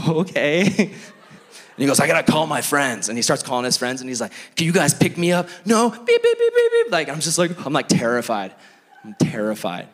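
A man's voice: fairly high pitch, a bit bright, slightly rough, pitched above the performer's own voice, heavily acted. A man voicing a tough young male ex-convict who talks in blunt street slang, heard with long hall reverb.

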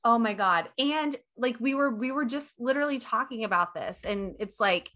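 Bright-voiced gushing woman podcast host. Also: on the high side, animated, moderate pace. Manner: gushing, emphatic, swears freely. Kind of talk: casual chat.

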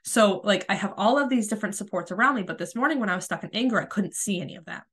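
A woman in her thirties hosting a spiritual coaching podcast, talking in a gentle, soothing, casual way while she has a cold. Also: mid-range voice, racing, breathy edge. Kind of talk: casual solo podcast talk.

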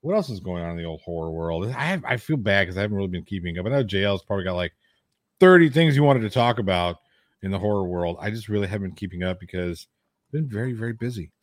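A man's voice: sits low, lively intonation, quick pace, no room sound, clean studio sound. A man co-hosting a horror podcast live stream, joking casually and reading viewers' chat names aloud. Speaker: podcast co-host.

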